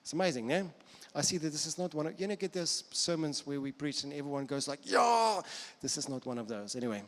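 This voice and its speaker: South African pastor preaching in reverberant hall. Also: male voice, on the high side, fast. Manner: earnest, repeats phrases for emphasis. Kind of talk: sermon. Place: church auditorium. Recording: long church hall reverb.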